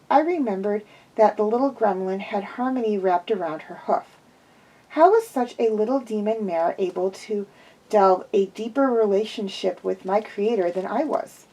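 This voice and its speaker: A woman's voice: medium pitch, darkish tone, rough recording. Woman reading a story, correcting slips. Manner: frequent slips and self-corrections. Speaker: reader of fan fiction. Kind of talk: amateur storybook narration.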